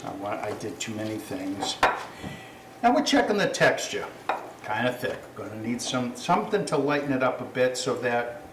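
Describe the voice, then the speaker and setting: A man's voice: mid-range voice, roomy sound, noisy background. Chatty man hosting a cooking show. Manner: chatty, self-correcting, apologetic asides. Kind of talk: casual cooking demonstration.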